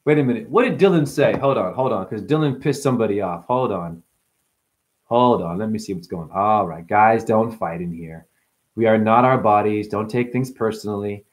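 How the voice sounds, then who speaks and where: A man's voice: lowish voice, normal speed. Man casually chatting on a livestream. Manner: loose, joking, talks to chat by name. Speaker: livestream host. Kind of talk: casual livestream chat reading comments.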